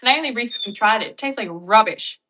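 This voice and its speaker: A young Australian woman chatting casually and bluntly with her viewers, joking and acting out animated retellings. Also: on the high side, quick pace, low-quality recording. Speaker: vlogger. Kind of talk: casual chat reacting to viewer comments.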